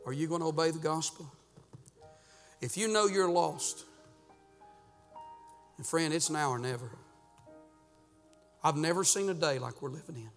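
Pastor guy preaching in church, high voice, lots of uh's, gets shouty. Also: measured pace, long pauses, big-room sound, faint music behind. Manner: folksy preaching with frequent "uh" fillers; fervent, rising to shouts. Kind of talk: sermon. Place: church sanctuary.

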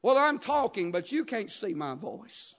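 Male preacher, very high pitch, rhythmic sermon delivery with call-and-response. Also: sing-song, unhurried. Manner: rhythmic preaching with frequent "uh" and "Amen?" call-outs, rising to shouts.

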